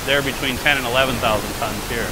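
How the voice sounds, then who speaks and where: A man's voice: medium pitch, fairly even intonation, fast talker, background noise. Chatty man from Minnesota, outdoors. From Minnesota, USA. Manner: chatty and loose, with many fillers. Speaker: interviewee, former world record holder. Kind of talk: casual on-the-spot interview. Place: outdoors on a frozen lake.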